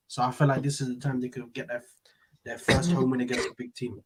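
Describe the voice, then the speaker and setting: A man's voice: medium pitch, fast, slightly rough. Informal male football panelist. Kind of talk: casual football chat.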